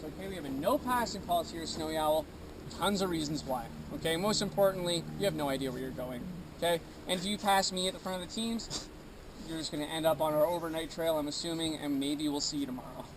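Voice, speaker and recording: A high-voiced man briefs a tour group outdoors at a dog kennel, upbeat and joking, tagging "okay?" onto nearly every line. The outdoor recording is noisy, with clear ambient sound behind him. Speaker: sled dog tour guide.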